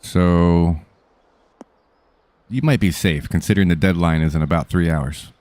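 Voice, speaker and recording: Easygoing male streamer, slightly low voice, dry close-miked sound, casual joking chat. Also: measured pace, darkish tone, no room sound. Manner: laid-back, joking, greets viewers by name.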